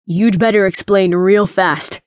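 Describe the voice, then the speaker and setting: A woman voicing a gruff, suspicious man who growls his demands. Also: sits high, steady tone, unhurried.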